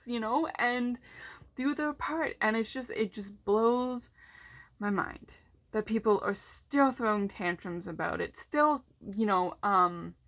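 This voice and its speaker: Woman vlogger, casual rant, blunt, heavy swearing, mid pitch. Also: creaky, a bit bright. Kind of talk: casual ranting vlog.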